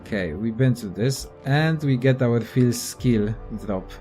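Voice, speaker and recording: A man's voice: mid-range voice, measured pace, mellow, soft background music. A young man casually commenting on a video game and reading its text aloud, offhand and profane. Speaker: let's play gamer.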